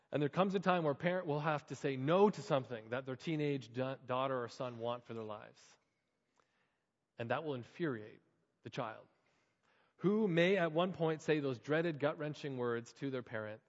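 A man's voice: medium pitch, in a large hall, dull audio. A man preaching a sermon as a pastor, impassioned and acting out the quoted voices.

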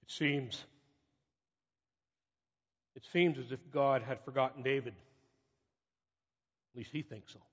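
A middle-aged man preaching a sermon as pastor, rising to emphatic cries and dropping to quiet asides. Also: mid-range voice, slow pace, long pauses, husky. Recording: muffled audio with long hall reverb.

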